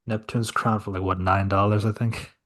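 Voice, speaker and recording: A man with a fairly low voice walks through a film's plot scene by scene. He is loose and conversational, often restarting his sentences as he tells the story. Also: level tone, normal speed. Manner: storytelling, laid-back, many filler restarts. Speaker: podcast host reviewing a film. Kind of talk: casual scene-by-scene recap.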